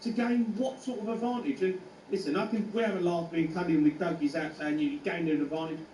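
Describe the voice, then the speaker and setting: Man, radio pundit, high voice, jokey banter, roomy distant sound. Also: steady tone, fairly quick, warm tone, a little hiss or hum. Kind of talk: casual radio chat.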